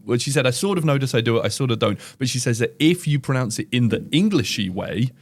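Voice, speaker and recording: A man's voice: medium pitch, lively intonation. Guy on a podcast, playful, tells stories and cracks jokes. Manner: playful storyteller, quick jokes. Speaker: podcast co-host. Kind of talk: casual podcast chat.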